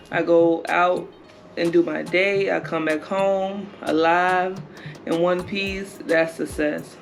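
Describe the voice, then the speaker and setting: Man, higher than usual pitch, gravelly texture, calm reflective interview talk. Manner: reflective and measured, lists reasons. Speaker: co-host of a couple's channel. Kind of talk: casual interview answer.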